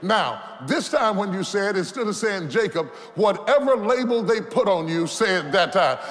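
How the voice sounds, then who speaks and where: A man preaching a sermon as a bishop, impassioned, building to shouts and having the congregation repeat phrases after him. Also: high voice, animated, moderate pace. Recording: reverberant hall with faint background noise.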